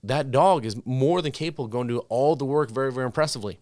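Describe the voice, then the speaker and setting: A man's voice: medium pitch, racing, a little mellow, dry recording. A man co-hosting a podcast, chatting casually and telling stories with lots of fillers like "like" and "you know". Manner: conversational, storytelling with many fillers. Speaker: podcast co-host, dog trainer. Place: studio.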